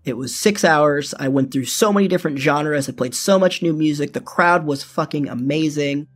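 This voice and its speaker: A young man recounts a wild night in a loose, casual way, peppering his speech with fillers and swearing. His voice sits a little high for a man. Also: normal speed. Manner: casual, profane, full of "like". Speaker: storyteller. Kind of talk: first-person storytelling.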